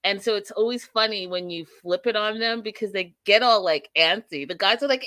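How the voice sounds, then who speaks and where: A woman's voice: mid-range voice, moderate pace, fairly bright tone, no echo. A young adult woman hosting a casual reality TV recap, chatty and opinionated, with playful asides to her viewers.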